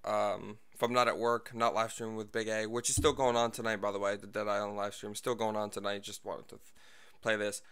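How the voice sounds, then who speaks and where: Breathless bright-voiced gaming streamer man. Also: lowish voice, little pitch movement, fast talker, few pauses, clean tone. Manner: rambling, lots of fillers, self-deprecating. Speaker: gaming livestreamer. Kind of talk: casual gameplay livestream talk.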